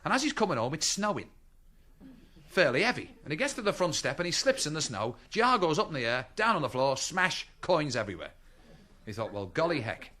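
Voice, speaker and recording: A middle-aged man works a live crowd in a stand-up routine. His voice sits high and leaps all over the place as he fires off one rhetorical question after another. The tone is bright and pushy. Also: sing-song, fairly quick, slight background noise. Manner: chatty, quips to the audience with rhetorical questions. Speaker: stand-up comedian. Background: audience laughter.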